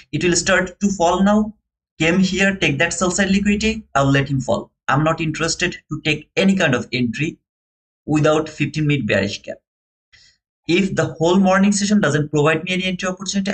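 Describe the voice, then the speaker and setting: A fairly high-voiced young man with a non-native English accent, chatting through a live trading stream. He is earnest and friendly and calls his viewers brother. His talk is casual and unscripted. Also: expressive, a little fast, fairly bright tone, low-quality recording. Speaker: live-stream futures trader and host.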